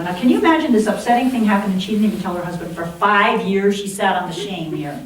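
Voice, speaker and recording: A woman minister tells a story from the pulpit, lively and funny, breaking into chuckles. She is heard from well back in a large, very echoey hall. A faint hiss sits under her voice. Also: mid-range voice, fast talker, recorded from a distance. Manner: animated, humorous retelling with chuckles. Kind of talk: sermon storytelling.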